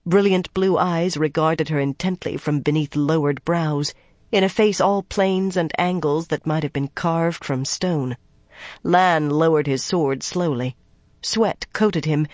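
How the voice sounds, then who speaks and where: An audiobook narrator reading a fantasy novel in a measured, even storytelling voice. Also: mid-range voice, no room sound. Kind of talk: scripted narration.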